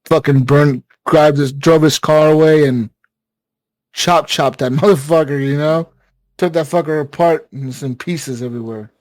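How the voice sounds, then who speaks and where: A man co-hosting a gaming podcast, telling a story in casual chat, excitable and profane, with lots of fillers and acted-out quotes. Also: on the high side, normal speed, no room sound. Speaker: podcast co-host.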